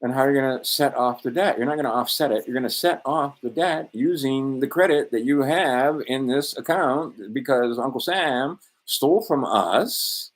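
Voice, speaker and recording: A man in a loose, digressive monologue, self-assured and often profane. He speaks at a middling pitch and keeps circling back to his point. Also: moderate pace, hardly any pauses. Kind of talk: rambling monologue.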